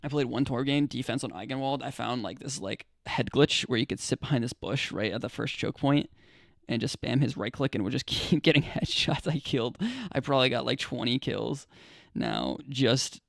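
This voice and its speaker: Laid-back young American man, gravelly. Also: medium pitch, moderate pace, no room sound, studio quality. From United States. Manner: laid-back, rambling, many fillers and restarts. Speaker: livestreamer. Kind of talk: casual live-stream chat with viewers.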